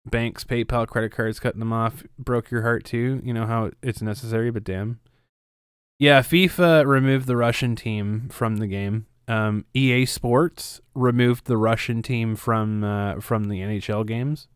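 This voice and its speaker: A man's voice: mid-range voice, steady tone, measured pace, clear, resonant tone, dry recording, clean studio sound. A Canadian man co-hosting a casual podcast, ranting sarcastically with frequent swearing and laughter. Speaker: podcast co-host.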